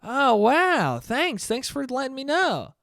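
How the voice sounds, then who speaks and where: A man voicing a creepy, overly friendly male middle school vice principal, in a flat, monotone delivery. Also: very high-pitched, slow pace, gravelly, no echo, studio quality, voice pushed up, heavily acted. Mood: creepy praise.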